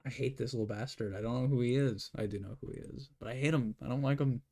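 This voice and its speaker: A man's voice: mid-range voice, quick pace, dark tone. A man talking to himself in a rambling way as he draws, giving casual commentary. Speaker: artist.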